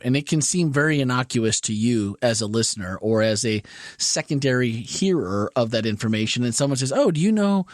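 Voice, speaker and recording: A man's voice: mid-range voice, no room sound, studio quality. A man hosting a casual church podcast, musing aloud in a thoughtful, rambling way with frequent restarts. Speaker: podcast host.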